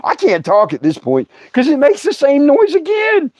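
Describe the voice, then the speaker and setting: A middle-aged man, hosting a comic storytelling livestream, laughing through his tale and breaking into loud outbursts. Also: extremely high pitch, huge pitch swings, normal speed, no room sound. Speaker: comedian host. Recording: dull, dry sound.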